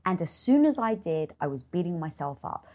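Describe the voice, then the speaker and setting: A middle-aged woman speaks in an interview with a husky, slightly breathy tone. Her pitch swings widely as she acts out the voices in her head and drops into blunt swearing. The delivery is open, lively and conversational. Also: fairly quick. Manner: animated, acts out her inner voice, swears freely. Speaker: guest.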